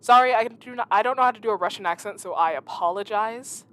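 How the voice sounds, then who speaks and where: A woman streamer chatting excitedly while playing a game and reading its dialogue aloud. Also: a little high, fast, a little hiss or hum. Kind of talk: casual let's-play commentary. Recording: voice over loud game music.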